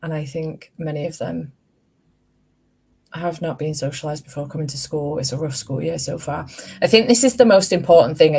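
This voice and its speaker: A woman's voice: deep voice, a little mellow. A woman, telling stories in a casual chat and swearing freely. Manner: chatty storyteller, swears casually. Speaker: host.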